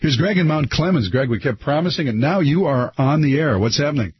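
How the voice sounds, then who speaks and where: A man's voice: on the high side, lively intonation, fairly quick, slightly rough, no room sound. A man hosting a talk radio show, rambling casually with many restarts and fillers. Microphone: studio microphone. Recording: slightly dull broadcast sound.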